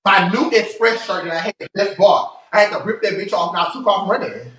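A breathless man livestreaming, loudly acting out a fight story with profanity and sound effects. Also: sits high, fairly quick, distant mic. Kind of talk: animated storytelling. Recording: roomy echo, faint noise.

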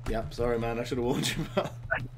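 A young man commentating a co-op platform game with a partner, swinging between loud rage outbursts, swearing and sarcastic jokes. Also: mid-range voice, quick pace, faint music behind. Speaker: gaming YouTuber. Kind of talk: co-op gaming commentary.

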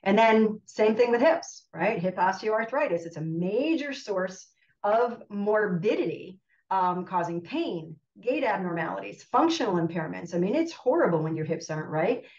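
A woman's voice: medium pitch, lively intonation, moderate pace, darkish tone. Woman physical therapist presenting, emphatic, on a dull lo-fi recording in a roomy space. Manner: emphatic, asks "right?" a lot. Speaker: physical therapist and nutrition educator. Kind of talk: guest presentation. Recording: distant roomy lo-fi audio.

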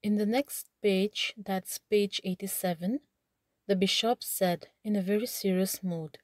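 A woman with an Indian English accent, reading lines from a play and explaining them plainly, often pausing with "okay". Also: mid-range voice, fairly even intonation, dry recording, studio quality. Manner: reads lines then restates them in simple words, frequent "okay". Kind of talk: line-by-line literature lesson, reading and paraphrasing.

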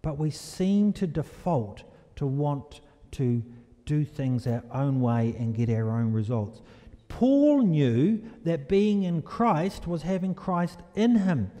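A man preaching a sermon in a church, animated and storytelling, asking the congregation questions. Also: a little high, slow pace. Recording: echoey hall reverb.

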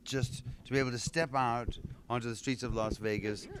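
A man's voice: mid-range voice, fairly even intonation, normal speed, background noise. A man, a voice actor, musing aloud with many restarts and asides in a casual convention interview. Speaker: voice actor guest.

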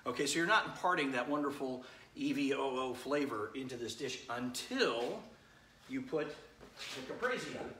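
A man's voice: medium pitch, animated, normal speed, bright, forceful tone. A middle-aged man hosting a casual live cooking demo from his home kitchen, chatting to viewers and greeting them by name as he fries chicken. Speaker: cooking show host. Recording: echoey kitchen, faint frying noise. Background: sizzling frying pan.

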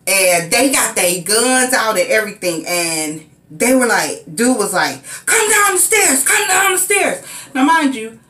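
A woman recounts a frightening personal story in a slow, unhurried way, her bright voice carrying in a reverberant room. She now and then acts out frantic, high-pitched cries as she relives the scene. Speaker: vlogger. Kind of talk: casual storytelling. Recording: echoey room.

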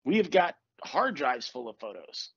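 A man's voice: mid-range voice, big pitch swings, normal speed, a bit bright, husky. A man hosting a casual podcast as a coach, talking bluntly with tough love and swearing. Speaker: podcast host and manifestation coach. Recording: dull lo-fi recording, dry.

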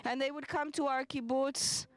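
A woman interpreting testimony live into English in the first person, speaking in halting, measured phrases with frequent restarts. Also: high voice, steady tone.

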